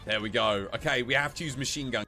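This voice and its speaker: A man's voice: medium pitch, quick pace, sharp tone, soft background music. A man giving jokey live commentary while streaming a game, laughing often.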